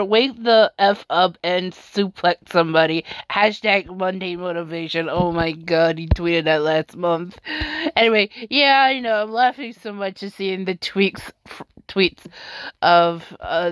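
Slow-talking amused woman podcaster. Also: on the low side, clean tone, no echo. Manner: laughs often, amused and incredulous. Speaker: podcast host. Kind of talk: casual commentary reading tweets aloud.

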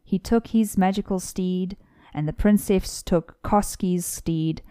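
Mellow-voiced young woman retelling a folk tale. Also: medium pitch, slow pace, smooth, no room sound. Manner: animated retelling with playful asides. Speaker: podcast co-host.

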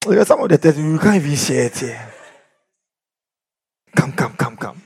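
Raspy pastor preaching animatedly. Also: male voice, on the high side, fairly quick. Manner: animated preaching, shouting then dropping to near whispers. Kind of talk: sermon.

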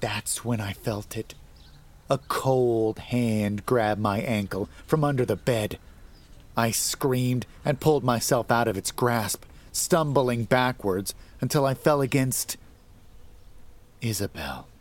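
A man narrating a scripted horror story in a measured, dramatic way that rises to tense emphasis. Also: medium pitch.

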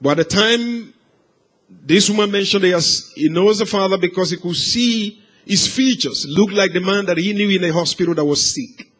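A man preaching, telling a life story as a sermon, swinging from hushed, slow passages to loud, raised cries. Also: high-pitched. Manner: dramatic swings from hushed to shouted.

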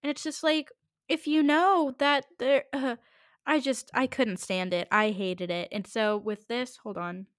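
A teenage girl hosting a solo podcast, ranting quickly and in exasperation, with many asides. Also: a little high, steady tone, dry recording, studio quality. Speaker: podcast host.

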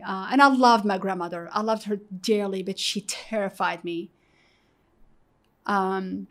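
A middle-aged woman from Morocco recounts her life story as an interview guest. She talks animatedly, slipping into the voices of the people she quotes and leaning on "you know" as she goes. Her pitch sits in a middle range for a woman. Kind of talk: candid personal storytelling.

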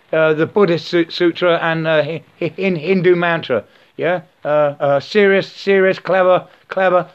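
A man rambling in a spiritual monologue, stammering and repeating words, sometimes breaking into slow chanted nonsense syllables. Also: on the high side. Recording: slightly dull lo-fi recording.

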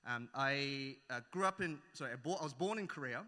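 An Australian-accented man raised in New Zealand preaches a conversational sermon that opens with a prayer, full of fillers and self-corrections. His mid-range voice is animated, bright and forceful, moving a little fast, and the recording carries echoey hall reverb.

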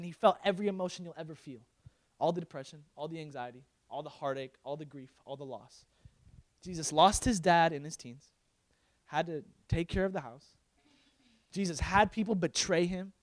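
Young preacher, emotional and casual. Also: male voice, a little high, no room sound. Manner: emotional, shifts from loud pleading to quiet confiding; casual, uses slang like bro. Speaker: pastor. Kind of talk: sermon.

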